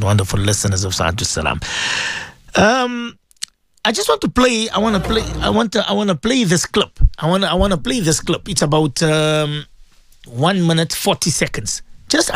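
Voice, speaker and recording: Gravelly, animated male radio host. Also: on the high side, normal speed, no echo. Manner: emphatic, repetitive, preachy with rising exclamations. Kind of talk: morning radio talk.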